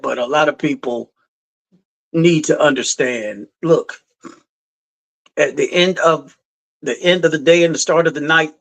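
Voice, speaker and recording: Rambling and emphatic, a middle-aged podcast host talks casual sports live, going back over the same points. His voice is on the high side, and the audio is poor.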